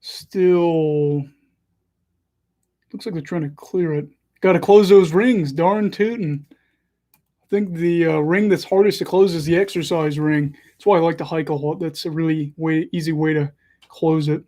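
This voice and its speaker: Young male livestream host, fairly high mellow voice, casual chatty hockey commentary. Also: steady tone, measured pace. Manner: chatty, self-deprecating, follows play live.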